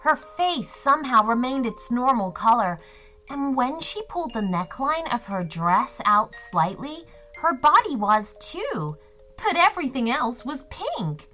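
A woman narrating a children's story in a gentle, expressive way. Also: sits high, a little slow, soft background music.

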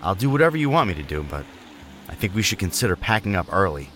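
A man plays a young film crewman, blunt and uneasy, with a lively, rising-and-falling voice. His talk is casual and plain-spoken. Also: sits low, quick pace. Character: young male film crew member, uneasy. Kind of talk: audio drama narration.

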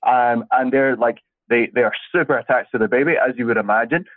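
A man's voice: mid-range voice, fairly quick. A Scottish man in his thirties, calling in and chatting casually, with a friendly, rambling way of talking. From Scotland. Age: 30s. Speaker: caller. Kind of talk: casual chat. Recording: tinny phone line.

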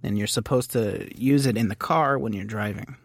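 A man's voice: lowish voice, normal speed, husky, no echo, clean studio sound. A man from New City, co-hosting a comedy podcast, crude and joking. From New York City. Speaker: podcast co-host. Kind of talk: casual comedy chat.

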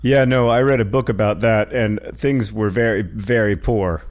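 A man's voice: fairly low pitch, fairly even intonation, moderate pace, a little mellow. A man co-hosting a podcast who chats casually and reads listener questions, with a wry, self-deprecating, dryly joking manner. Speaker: podcast co-host.

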